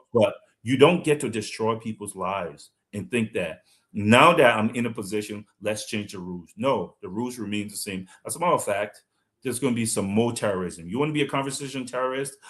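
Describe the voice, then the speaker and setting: A man's voice: lowish voice, fairly bright tone. A man from Liberia giving fiery, combative political commentary on a live stream, speaking emphatically.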